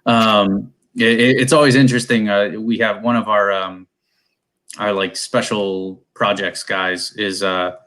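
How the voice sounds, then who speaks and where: Low-voiced American man chatting loosely. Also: little pitch movement, measured pace, fairly bright tone. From Cleveland, USA. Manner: loose, rambling and conversational. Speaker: guest, competition airgun shooter. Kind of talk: casual conversation.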